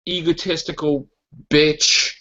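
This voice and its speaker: Slow and a little high, his level voice has a sharp edge as he hosts a podcast. The muffled, lo-fi clip catches him ranting casually and animatedly about comic books, laughing and tripping over restarts.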